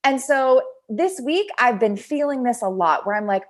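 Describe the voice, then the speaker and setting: Animated woman giving a motivational talk. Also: a little high, moderate pace. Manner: animated, acts out quoted self-talk. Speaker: podcast host, personal development. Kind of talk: casual motivational monologue.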